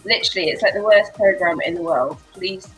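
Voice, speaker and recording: A woman's voice: on the low side, fairly quick, faint music behind, rough recording. A woman with an English accent, leading a live workout class in a bubbly, rambling way and laughing often. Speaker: fitness instructor.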